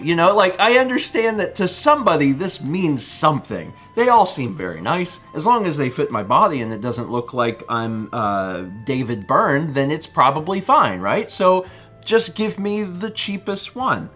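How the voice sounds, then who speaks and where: Man, thirties, co-host, casual storytelling, animated pitch, mimics voices, faint background music. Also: moderate pace. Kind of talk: casual chat.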